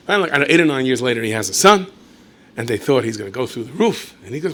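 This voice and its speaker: A man's voice: mid-range voice, expressive, rapid-fire, a bit bright. A man, a rabbi, telling a story in a lecture with playful asides and acted dialogue.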